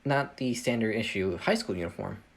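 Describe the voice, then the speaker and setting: A man's voice: lowish voice, animated, normal speed, gravelly. A man casually reading his own fan story aloud, rambling, interrupting himself and cracking jokes, his voice a bit tired. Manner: rambling, self-interrupting, jokey. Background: video game playing.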